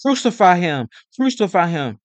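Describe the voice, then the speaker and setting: A man voicing an angry crowd of priests, loud and insistent. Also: fairly high pitch, moderate pace, no echo, lightly acted.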